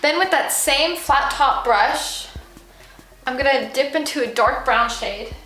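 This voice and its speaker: Name: bright chatty young woman vlogger. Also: high voice, measured pace. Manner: chatty, giggly, jokey asides. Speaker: makeup vlogger. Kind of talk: casual makeup tutorial. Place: room at home. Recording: echoey room with music behind.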